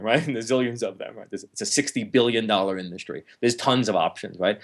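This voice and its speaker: Lively man explaining as interview guest. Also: mid-range voice, brisk, few pauses. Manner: lively, acts out harsh inner voices with laughs. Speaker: counselor and author, interview guest. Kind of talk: explanatory conversational talk.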